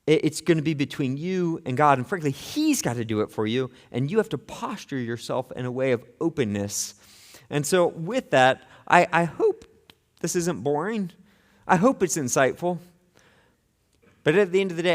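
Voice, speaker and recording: Earnest pastor in a reverberant hall. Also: male voice, a little high, animated, normal speed. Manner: earnest, swings between soft and intense; repeats words when starting phrases. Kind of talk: sermon. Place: church sanctuary.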